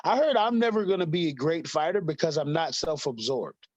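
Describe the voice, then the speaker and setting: A man's voice: on the high side, lively intonation, brisk, no room sound. A man in his thirties, a guest talking casually in an interview, rambling with many fillers and frequent laughter. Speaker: guest, fighter.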